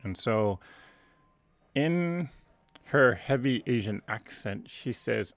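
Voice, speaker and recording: A man's voice: medium pitch, lively intonation, takes it slowly, no echo. A man hosting a live stream, casually telling a family anecdote in a rambling, self-correcting way and chuckling at his own story. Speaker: host.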